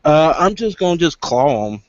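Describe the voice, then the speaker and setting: A man's voice: on the high side, big pitch swings, normal speed, no echo. A man playing a tabletop game, casual and joking, often laughing between lines. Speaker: player. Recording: dull lo-fi recording.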